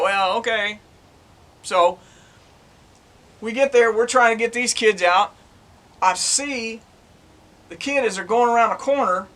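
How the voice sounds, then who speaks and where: A middle-aged man, a former police officer telling his stories to his own camera in a plainspoken, folksy way. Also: high-pitched. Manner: folksy, plainspoken, animated retelling. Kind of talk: casual storytelling to camera.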